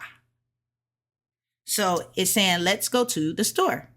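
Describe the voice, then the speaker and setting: A woman reviewing her own language lessons out loud, slowly repeating syllables and explaining them casually with lots of "like" and "okay.". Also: lowish voice. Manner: slow and deliberate, repeating syllables to drill them.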